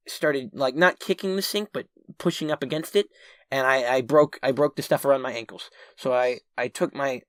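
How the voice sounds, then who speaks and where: With no room sound and a clean studio quality, this man's voice sits on the high side. As the channel's featured storyteller, he tells a personal story to camera loosely, restarting and adding "right?" asides, and he animatedly acts out how panicked he was back then.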